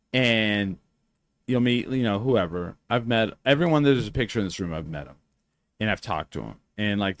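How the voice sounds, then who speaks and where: A man hosting a podcast, telling stories in a lively, profane, casual way. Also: fairly low pitch. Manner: animated, profane storyteller. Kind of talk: casual storytelling chat.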